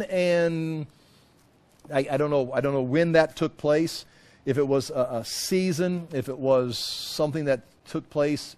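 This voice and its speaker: A middle-aged man teaching a verse-by-verse sermon, emphatic and animated, full of rhetorical asides and restarts. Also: medium pitch. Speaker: Bible teacher.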